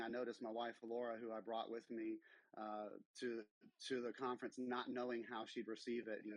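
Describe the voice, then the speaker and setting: A man's voice: mid-range voice, no room sound, low-quality recording. A man giving an earnest, emotional personal testimony to a faith-based chat room, with many fillers. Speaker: caller sharing a testimony.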